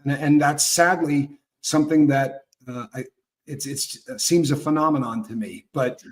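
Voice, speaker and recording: Brief: male talk-show host, a touch high-pitched, chatty storyteller who acts out quotes and restarts often. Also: fairly even intonation, moderate pace. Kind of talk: casual live talk show chat.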